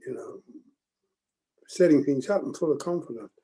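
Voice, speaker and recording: An older man leading a group forum, teaching in a slow, halting way with many pauses and restarts. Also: a little high, dark tone, rough recording. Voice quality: gravelly, husky. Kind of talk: reflective group teaching talk.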